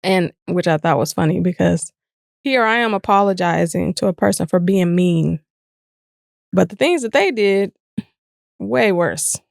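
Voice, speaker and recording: A woman's voice: lowish voice, normal speed, vocal fry, no room sound. Woman, podcast co-host, casual chat, candid, reflective, dry studio sound. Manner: candid, reflective, animated when retelling.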